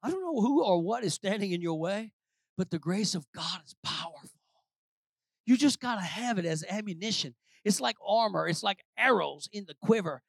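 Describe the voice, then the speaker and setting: A pastor preaching a sermon, swinging between shouted declarations and low, quiet asides. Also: male voice, lively intonation, normal speed, vocal fry, husky, no echo, clean studio sound.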